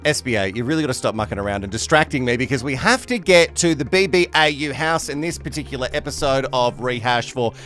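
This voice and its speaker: A man's voice: medium pitch, animated, quick pace, few pauses, a bit bright, faint music behind. An Australian man hosting a comedic reality TV recap, chatty, camp and teasing, laughing often. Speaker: recap show host.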